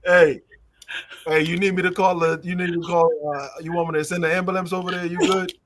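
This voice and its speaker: A man's voice: high voice, flat delivery, a little fast, fairly bright tone, slight background noise. A man co-hosting a podcast, teasing and joking in casual banter.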